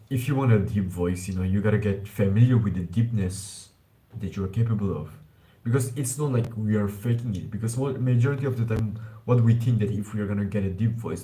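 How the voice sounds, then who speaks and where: A man's voice: on the low side, mellow, poor audio. A man streaming live about self-improvement, talking in a loose, rambling way, calling listeners bro and swearing now and then. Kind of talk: casual live-stream talk.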